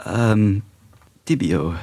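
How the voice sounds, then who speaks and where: A man voicing an excitable male skeleton with a put-on French accent, effusive and full of gasps. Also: fairly low pitch, very slow, exaggerated voice. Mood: earnest. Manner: effusive, gasping. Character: excitable male skeleton brother, gushing host.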